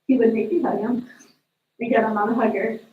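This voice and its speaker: A woman's voice: on the high side, brisk. Woman giving a eulogy from afar. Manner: storytelling, animated retelling of family moments. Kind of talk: memorial eulogy with family anecdotes. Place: memorial service room. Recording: distant echoey room mic, dull sound.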